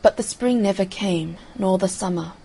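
A woman narrating a fairy tale audiobook in a calm, measured storytelling manner. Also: mid-range voice, creaky, breathy edge, poor audio.

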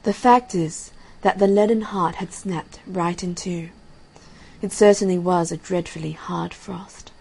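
Female storyteller for a fairy tale; breathy tone, lowish pitch, calm and measured. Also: poor audio. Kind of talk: storybook reading.

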